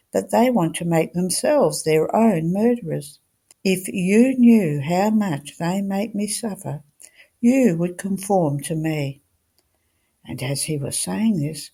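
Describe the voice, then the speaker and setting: A woman giving a devotional reading in a measured, emotive way, putting feeling into the quoted dialogue. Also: fairly low pitch, gravelly, dark tone, breathy edge. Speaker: reader.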